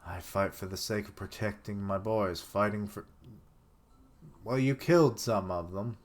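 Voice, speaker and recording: Speaking at a measured pace in a lowish voice, this man reacts to a manga chapter on a live stream. He jokes and swears while reading passages out loud, chuckling at his own gags.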